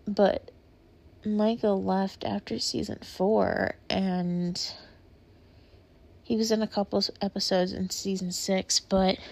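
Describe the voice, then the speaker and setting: This young woman vlogger has a gravelly, medium-pitched voice. She chats casually into the camera, rambling with many filler "like"s and sounding near tears.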